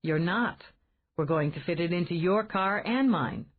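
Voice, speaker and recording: A woman's voice: lowish voice, lively intonation, unhurried. A woman voicing a wry, self-assured grown man who teases an old friend in a dry way. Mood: teasing. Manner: dry, teasing. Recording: tinny phone-like band.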